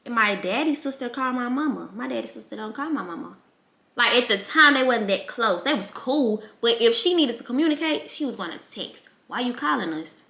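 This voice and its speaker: A woman's voice: on the high side, a little fast, creaky. Candid young woman in an echoey room. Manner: candid, emotional, animated quoting of relatives. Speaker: vlogger. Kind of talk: casual storytelling.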